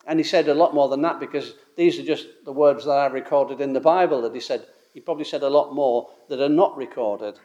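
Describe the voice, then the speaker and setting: A man's voice: fairly high pitch, darkish tone. A man preaching a sermon, emphatic and building his points in repeated lists.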